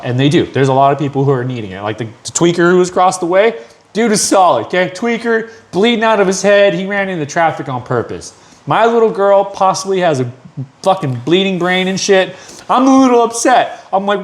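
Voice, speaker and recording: A man talking casually on a podcast, his voice sitting a little high for a man. He tells his story with heavy profanity and acts out the other people in it. His pitch jumps widely between quiet, low asides and loud, high peaks. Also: a little fast. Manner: profane, animated storytelling with acted quotes. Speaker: podcast host. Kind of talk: casual chat.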